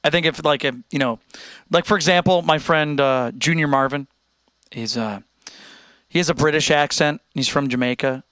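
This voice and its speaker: A man's voice: on the high side, moderate pace, smooth, no echo. A young American man hosting a live stream, chatting casually and answering his chat. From United States. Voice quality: animated, chatty, talks straight to chat.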